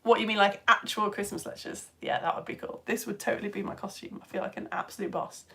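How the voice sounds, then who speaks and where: A middle-aged woman from the UK with a cough and cold, chatting casually as she hosts a live children's science show and reads out viewer comments, giggly and at times dropping to soft asides. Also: medium pitch, fast talker, gravelly. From United Kingdom. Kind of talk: casual live-stream chat reading comments. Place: at home on the sofa.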